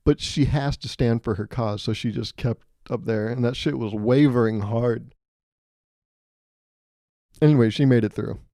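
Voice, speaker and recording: A man hosting a solo comedy podcast, telling animated, self-mocking stories and laughing mid-sentence. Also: mid-range voice, unhurried, long pauses, no room sound, studio quality. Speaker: podcast host.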